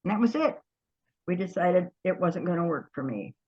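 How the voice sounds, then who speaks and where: An older woman, an interview guest, telling stories from her past in a lively way, often trailing off and starting over. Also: lowish voice, normal speed, slightly rough, muffled recording. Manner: lively storyteller, trails off and restarts. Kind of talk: storytelling reminiscence.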